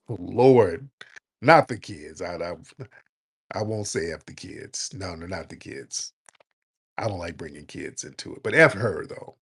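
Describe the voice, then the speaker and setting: A man hosts a late-night call-in room with a loose, joking delivery full of slang. His voice sits a touch low and he talks bluntly, as if he has no time to waste. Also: lively intonation, measured pace, husky. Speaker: host of a live audio chat room.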